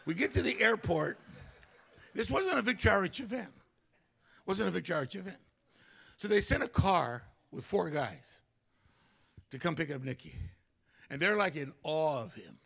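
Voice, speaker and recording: An older male pastor telling a story during a sermon, animated, acting out other people's voices. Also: sits high, normal speed, creaky, pauses often, breathy edge. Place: church.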